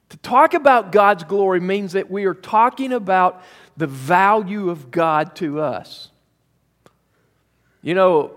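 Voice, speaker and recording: A man preaching a sermon as pastor, emphatic and drawn out, with pauses to let points sink in. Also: a little high, long reverb tail.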